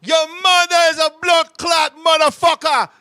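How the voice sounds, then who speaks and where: An insulted Jamaican man with a Jamaican accent yells and curses in outrage, as a man acts him out. His voice sits very high and comes out sharp and piercing. The sound is close and dry. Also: fairly even intonation, measured pace, no echo, heavily acted. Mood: furious. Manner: shouting, cursing, offended. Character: angry insulted Jamaican man, middle-aged.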